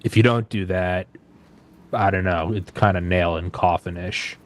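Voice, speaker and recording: A man co-hosting a podcast in casual chat, hesitant and halting. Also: sits low, steady tone. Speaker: co-host.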